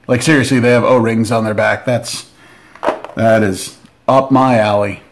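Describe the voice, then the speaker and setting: A man hosting a board game channel, giving casual unboxing commentary with excitable, joking asides. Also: mid-range voice, unhurried, slight background noise.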